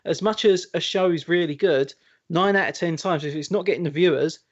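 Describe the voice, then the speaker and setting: A man's voice: on the high side, brisk, dull audio. A man co-hosting a casual podcast chat, explaining at length with many fillers. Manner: rambling, explaining with filler words. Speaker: podcast co-host.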